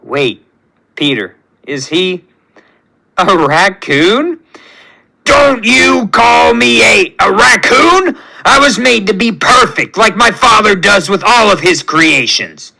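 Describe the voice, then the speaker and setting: A man voicing a hot-headed, aggressive male raccoon who talks gruffly and threateningly. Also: high voice, big pitch swings, a little slow, sharp tone, exaggerated voice. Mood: hostile.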